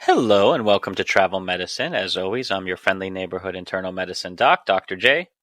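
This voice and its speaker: A man's voice: low voice, lively intonation, fast talker, fairly bright tone. A man co-hosting a podcast as an internal medicine doctor, joking and teasing his co-host with quiz-style questions in casual banter.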